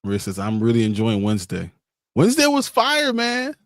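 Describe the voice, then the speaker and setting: A man in his thirties, co-hosting a casual chat show, laid-back and quick to laugh as he reads out viewer comments. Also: medium pitch, huge pitch swings, no room sound, studio quality. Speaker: co-host.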